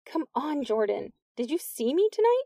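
An anxious teenage girl, put on by a woman reading aloud, her voice pitched up high and spilling out in heated, pleading bursts. The recording is close and dry, with no room sound around her. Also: sing-song, mellow, dry recording. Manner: heated, pleading, quick to self-pity.

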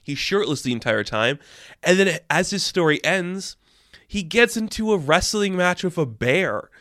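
A young man recapping a movie in a casual, rambling and excitable way, often incredulous and breaking off mid-sentence. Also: high voice, unhurried, no room sound, clean studio sound. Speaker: movie reviewer.

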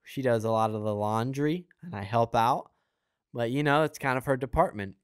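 A young man with a smooth, clear voice, recorded dry and close. He talks through faith in a loose, earnest, conversational way, with frequent fillers and asides. He has the hiccups. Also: mid-range voice, moderate pace, dry recording. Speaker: podcast host and preacher. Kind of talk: casual spontaneous Christian teaching.

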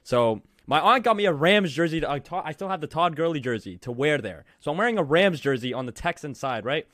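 A young man co-hosting a podcast, telling stories in an excitable, rambling way. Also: fairly high pitch, no room sound, studio quality. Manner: excitable, fast rambling storyteller. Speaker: podcast co-host. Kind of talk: casual chat.

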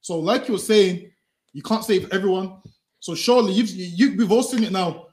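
Brief: host, high voice, rambling casual questions. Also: male voice, normal speed, darkish tone.

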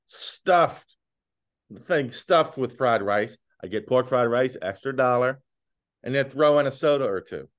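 A man's voice: medium pitch, lively intonation, a little slow. A man co-hosting a podcast, ranting bluntly and sarcastically about food prices in casual chat. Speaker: podcast co-host.

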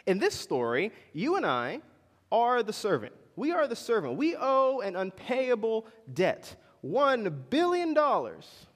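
A man's voice: extremely high pitch, huge pitch swings, unhurried. A man preaching a sermon in a church, talking casually and putting questions to the congregation. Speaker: pastor. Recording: long reverb in a large hall.

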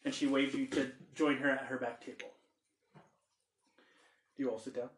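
A man's voice: mid-range voice, level tone, normal speed, roomy sound, a little hiss or hum, low-quality recording. A man narrating a tabletop game as game master, loose and chatty with many fillers.

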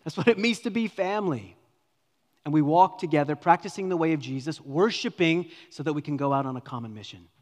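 A man's voice: on the high side, fairly quick. Dynamic male pastor in a reverberant hall. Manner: dynamic preaching, swinging from loud emphasis to hushed near-whispers. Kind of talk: sermon. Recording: long reverb of a large hall.

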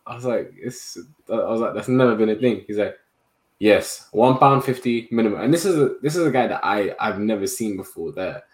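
A man's voice: lowish voice, a little fast, hardly any pauses. Young man telling a story. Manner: animated storytelling with slang. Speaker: podcast co-host. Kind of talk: casual chat among friends.

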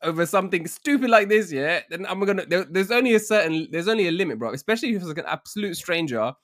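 A young man tells a story on a podcast, his voice pitched slightly high. He is animated and laughs often between lines. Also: fast talker. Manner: animated, laughing often, says "bruv" a lot. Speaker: podcast co-host. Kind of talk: casual storytelling chat.

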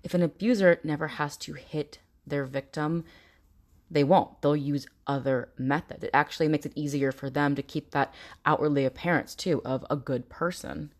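Low-voiced woman hosting a podcast. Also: normal speed. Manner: earnest and direct, acting out quoted abusers in mocking voices. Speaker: podcast host. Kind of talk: informative podcast talk.

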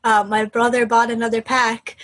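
A woman's voice: on the high side, flat delivery, normal speed, a bit bright. A young woman in her twenties, co-hosting a podcast in chatty, casual talk and laughing often. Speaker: podcast co-host. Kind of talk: casual chat.

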